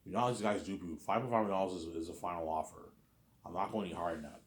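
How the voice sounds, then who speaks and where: A man's voice: low-pitched, steady tone, very fast. A man rambling in a casual monologue, repeating himself and using many fillers. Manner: repetitive, filler-heavy. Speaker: host. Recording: roomy echo.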